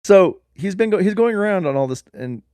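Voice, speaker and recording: A man co-hosting a comedy podcast, rambling through an absurd improvised story in a deadpan way. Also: sits high, fairly quick, dry recording. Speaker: podcast co-host.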